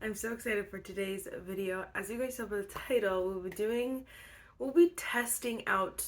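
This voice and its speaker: A young woman talks through her makeup routine in a chatty, bubbly way, sprinkling in lots of "like" and "um." Her nose is a little blocked, so her voice has a stuffy, congested edge. Her pitch sits right in the middle for a woman. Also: normal speed. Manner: bubbly, chatty, filler-heavy with frequent laughs. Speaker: beauty vlogger. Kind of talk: casual chat.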